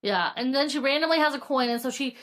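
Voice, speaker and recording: A woman's voice: high voice, fast, fairly bright tone. A woman co-hosting a casual book podcast, chatty and retelling plots with many fillers. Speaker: podcast co-host.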